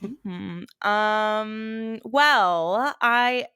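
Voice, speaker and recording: A woman co-hosting a podcast, chatting casually with her best friend, rambling and quick to laugh. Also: a little high, pushed and bright, smooth, soft background music. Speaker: podcast co-host. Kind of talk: casual chat between friends.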